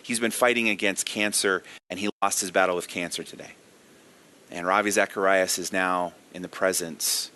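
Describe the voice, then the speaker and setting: A man's voice: low voice, bright, forceful tone. A man giving a daily devotional sermon as a pastor, earnest and emphatic, putting direct questions to his listeners.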